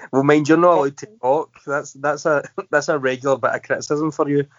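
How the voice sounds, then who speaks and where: A man's voice: on the high side, steady tone, moderate pace, no echo. A Scottish man hosting a casual podcast chat, teasing his guest and laughing often. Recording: dry, dull lo-fi audio.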